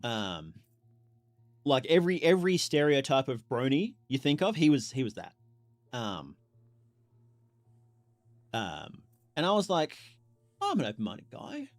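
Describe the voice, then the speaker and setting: A man streams a video game and talks casually to his viewers, his medium-pitched voice swinging through an animated, lively range. He reacts to the game with loud exclamations and bursts of laughter. Soft music plays faintly behind him. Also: measured pace, long pauses, dry recording. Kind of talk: casual live game commentary.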